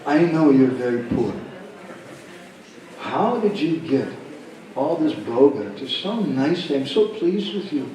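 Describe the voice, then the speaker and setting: A man voicing a kindly, revered male guru who asks gentle questions, within a told story. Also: mid-range voice, sing-song, a little slow, pauses often, heavy reverb, far from the mic, poor audio. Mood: gentle, pleased.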